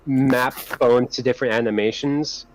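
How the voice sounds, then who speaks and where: A man on a game dev team explaining a technical problem casually, halting and restarting often. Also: mid-range voice, fairly even intonation, slight background noise, poor audio. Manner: halting, many ums and restarts.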